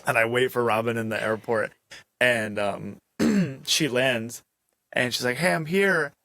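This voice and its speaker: A man co-hosts a casual podcast and tells a comic anecdote with lively acted-out quotes. His delivery is loose and jokey. His voice is moderate in pitch. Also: unhurried, vocal fry, dry recording. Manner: joking, animated storyteller. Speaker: podcast co-host. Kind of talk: casual storytelling.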